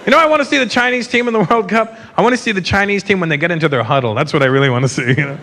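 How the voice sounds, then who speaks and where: A man doing live stand-up comedy on stage, teasing the audience in an animated way. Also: high voice, very fast, creaky. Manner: animated, teasing crowd work.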